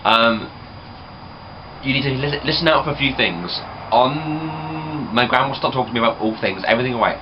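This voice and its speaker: A man's voice: mid-range voice, animated, normal speed. A young man from England, chatting casually and rambling to camera. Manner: chatty, rambling, many fillers. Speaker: vlogger. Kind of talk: casual vlog chat. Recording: dull camera audio with background noise.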